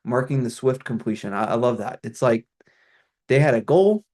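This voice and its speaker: A middle-aged man presents on a call in a loose, conversational way, often restarting his sentences and using fillers. His voice sits at an ordinary mid pitch. He speaks as a former pastor addressing other pastors. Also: lively intonation, moderate pace, darkish tone. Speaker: ministry consultant, former pastor.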